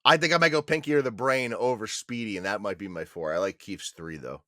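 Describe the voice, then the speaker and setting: A man's voice: on the low side, brisk, bright, forceful tone, no room sound, studio quality. A man co-hosting a movie podcast, casual and laid-back, swearing freely. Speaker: podcast co-host. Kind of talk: casual chat.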